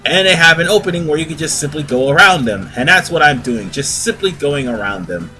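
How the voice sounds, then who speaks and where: A man's voice: on the high side, lively intonation, a little fast, sharp tone, faint music behind. A man giving casual, rambling let's-play commentary as host of a gaming video, often correcting himself. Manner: chatty, rambling, self-correcting.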